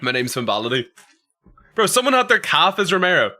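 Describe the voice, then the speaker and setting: A man's voice: a little high, sing-song, fairly quick, bright, forceful tone, slight background noise. A young Irish man chatting on his livestream, reading out chat messages and rambling through funny stories. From Ireland. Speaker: streamer.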